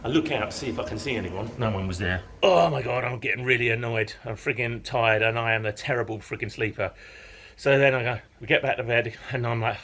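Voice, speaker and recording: A man, telling a dramatic story in a casual vlog, animated and swearing often. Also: medium pitch, fairly quick, slightly rough. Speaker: vlogger.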